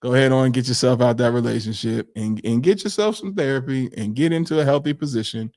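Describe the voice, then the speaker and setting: A man co-hosting a podcast, telling a story in casual chat, animated, acting out quotes and laughing often. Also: mid-range voice, fast. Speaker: podcast co-host.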